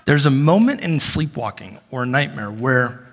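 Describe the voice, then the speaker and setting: A man in his thirties preaching a sermon in a church hall, telling stories with lively acted-out moments. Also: mid-range voice, normal speed, husky. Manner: animated storytelling, acts out shouted quotes. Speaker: pastor. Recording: long reverb of a large hall.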